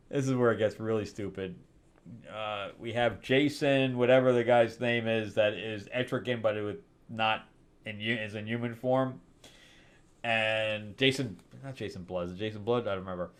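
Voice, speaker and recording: A man's voice: lowish voice, unhurried, pauses often. A man hosting a casual comic book review show, rambling and sarcastic, often laughing at what he describes.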